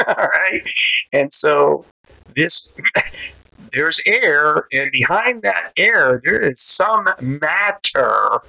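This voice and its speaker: A man's voice: mid-range voice, vocal fry, poor audio. A man from Connecticut telling his conversion testimony in casual street speech, acting out the quotes as he goes. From Bridgeport, Connecticut, USA. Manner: animated storyteller acting out quotes. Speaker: preacher giving his testimony. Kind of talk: personal testimony storytelling.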